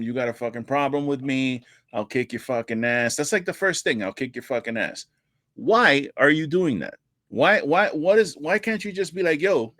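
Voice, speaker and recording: A man co-hosting a wrestling podcast in casual chat, animated and profane, acting out quotes with his voice jumping up. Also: dry recording, studio quality. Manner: animated, profane, acts out quotes with rising pitch. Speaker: podcast co-host.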